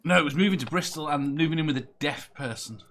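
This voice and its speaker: A man's voice: on the high side, quick pace, crowd noise. A man from Merseyside hosting a casual quiz podcast, chuckling often and rambling loosely. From Merseyside, England. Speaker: quiz show host.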